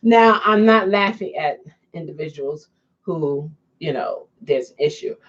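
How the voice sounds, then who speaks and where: A woman vlogger talks casually and slowly, drawing her words out. Her pitch swings widely as she keeps dissolving into giggles. The sound is slightly dull and lo-fi. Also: animated. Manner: laughs often, giggling fits, slow and drawn-out. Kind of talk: casual chat to camera.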